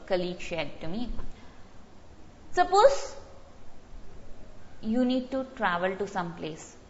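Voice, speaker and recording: A woman's voice: mid-range voice, slight background noise. A woman teaching an online test-prep class, repeating key words and explaining them through stories. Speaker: GRE vocabulary teacher. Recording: slightly dull lo-fi audio.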